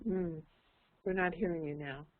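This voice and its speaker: A woman's voice: lowish voice, fairly even intonation, normal speed. A woman teaching an online English class, explaining patiently and putting questions to her students. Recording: tinny lo-fi online call audio.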